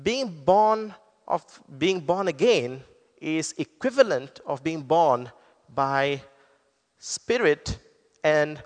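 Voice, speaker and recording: A man's voice: fairly high pitch, lively intonation, slow pace, big-room sound. A man preaching a sermon, earnestly explaining scripture and quoting verses to his congregation. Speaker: pastor.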